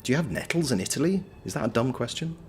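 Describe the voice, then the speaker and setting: A man's voice: mid-range voice, sing-song, fast, faint music behind. A man chatting casually on a game livestream, reading out his chat with wry, playful banter. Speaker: game streamer.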